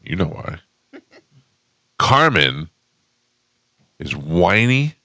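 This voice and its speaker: A man's voice: low-pitched, big pitch swings, very slow, bright, forceful tone, no room sound. A man hosting a morning radio show from a studio, bantering casually and teasing his co-hosts. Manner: joking, teasing. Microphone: studio microphone.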